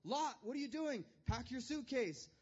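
A man acting out an excited, frazzled husband who is urging his family to pack up and move. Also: slightly rough, highs cut off, exaggerated voice. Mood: frantic. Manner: hurried and overexcited, higher and louder.

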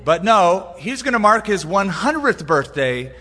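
A man's voice: big pitch swings, measured pace, in a large hall. A pastor delivering an emphatic sermon, his voice rising and falling with light humor. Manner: emphatic preaching with wide swings in pitch and loudness, light humor.

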